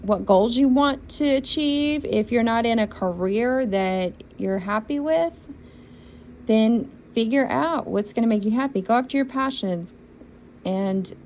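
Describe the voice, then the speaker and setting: Slow, gravelly-voiced woman intuitive reader. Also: on the high side, darkish tone, a little hiss or hum, rough recording. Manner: encouraging, repetitive and emotional. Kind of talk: spiritual reading for zodiac signs.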